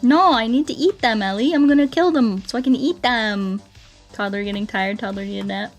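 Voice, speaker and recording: A woman's voice: on the high side, brisk, faint music behind. A woman streaming a game, chatting playfully with her viewers and breaking into silly songs and mooing. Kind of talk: casual gameplay commentary.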